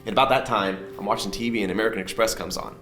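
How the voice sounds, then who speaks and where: A man telling a story as a guest in a conversational interview, animated and quick to laugh. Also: lowish voice, roomy sound, soft background music. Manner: animated, acts out other people's lines, laughs often.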